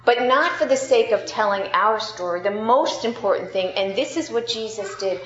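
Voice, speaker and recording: A woman preacher delivering a sermon, telling a story slowly and deliberately, rising and dropping for emphasis. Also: mid-range voice, a bit bright. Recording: roomy, dull sound with faint ambience.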